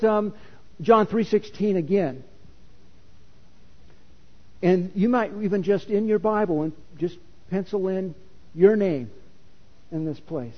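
High-voiced male pastor in a reverberant hall. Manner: conversational teaching with fillers and rhetorical questions. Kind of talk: sermon. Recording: dull sound with long hall reverb.

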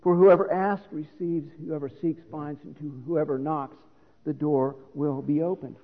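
Middle-aged man, pastor, sermon, husky voice, long hall echo, thin phone-like sound. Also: a little high, steady tone, measured pace. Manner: teaching, explanatory, earnest. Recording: reverberant hall on a phone-like line.

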